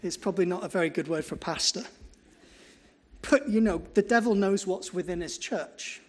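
A middle-aged man, a pastor preaching a sermon in an earnest, storytelling way that builds to slow, emphatic lines. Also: high voice, darkish tone.

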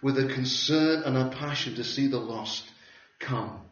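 A man preaching a sermon, telling a story with wry humor and lively delivery. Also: medium pitch, unhurried. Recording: roomy hall from a distance, dull sound.

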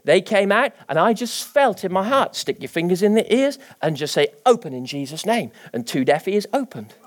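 A middle-aged man preaching a sermon as pastor, animated and rising to emphatic declarations. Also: high-pitched, moderate pace.

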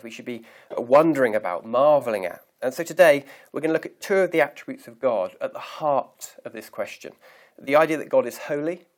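Man giving a measured, emphatic sermon. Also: medium pitch. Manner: measured, emphatic reading of scripture; slow, deliberate pauses on key words. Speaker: preacher.

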